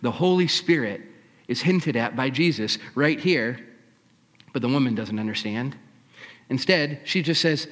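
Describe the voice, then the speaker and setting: A man's voice: medium pitch, lively intonation, a little slow, long reverb tail. A male preacher retelling a scripture story with dramatic, shifting delivery. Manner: dramatic storytelling, shifting between hushed and raised. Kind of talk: sermon.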